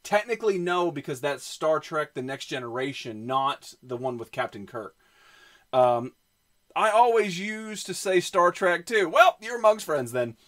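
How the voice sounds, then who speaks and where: A man's voice: fairly high pitch, very animated, a little slow, fairly bright tone. A man with a Southern US accent, chatting casually on a livestream and rambling through lots of fillers while he answers his chat. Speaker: streamer showing his comic collection.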